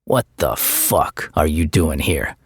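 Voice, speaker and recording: A man's voice: extremely low pitch, big pitch swings, slow pace, breathy edge, no echo, clean studio sound, pitched below the performer's own voice, exaggerated voice. A man voicing a brash, boozy male arena manager who talks in an aggressive, confrontational way. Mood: hostile.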